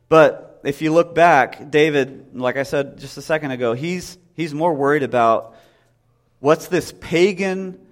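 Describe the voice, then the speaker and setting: A man in his thirties preaching a casual sermon in a conversational way, often acting out voices from the story. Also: a little high.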